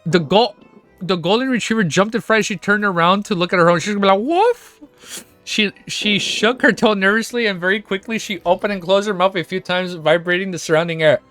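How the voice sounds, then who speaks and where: A man reading a web novel aloud on stream, breaking off into excited, profane reactions and laughter. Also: high voice, a little fast, dry recording, faint music behind.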